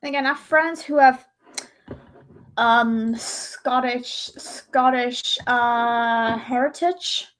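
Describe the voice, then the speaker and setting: A woman's voice: on the high side, fairly even intonation, drawn-out words, fairly bright tone. A young woman chatting casually on her livestream, rambling and often breaking off to restart her sentences. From Ireland.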